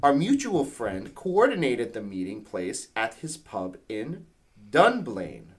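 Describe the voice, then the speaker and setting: A man's voice: medium pitch, slow. A man co-hosting a podcast, reading a review aloud in casual chat and apologizing for his pronunciations. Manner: animated, apologetic about pronunciations. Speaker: podcast co-host.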